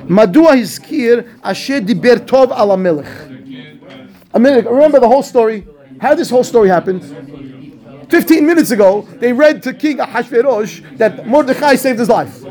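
A man, a rabbi, teaching a class on a scriptural text, asking questions and answering them himself in a lively way. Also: extremely high pitch, normal speed. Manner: animated, asks and answers his own questions. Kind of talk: Torah class commentary.

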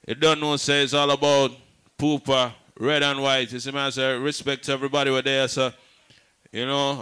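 Bright crisp hype-man emcee. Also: mid-range voice. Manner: loose shout-outs with reggae slang, loud hype peaks. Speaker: emcee introducing an artist. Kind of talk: live show hype talk. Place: live venue.

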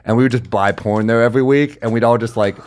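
A man chatting casually on a podcast and telling rambling comic anecdotes, acting out other people in quick bursts. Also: medium pitch, steady tone, darkish tone. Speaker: comedian telling stories.

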